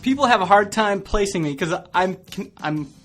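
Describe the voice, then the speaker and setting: A man's voice: high-pitched, expressive, normal speed, fairly bright tone, soft background music. A man from Canada hosting a podcast, chatting casually and laughing often between rambling sentences. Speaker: podcast host.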